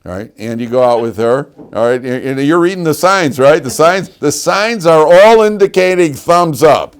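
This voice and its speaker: A man teaching a lively class as a rabbi, telling stories and laughing at his own anecdotes. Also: on the high side, moderate pace, smooth. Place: yeshiva classroom.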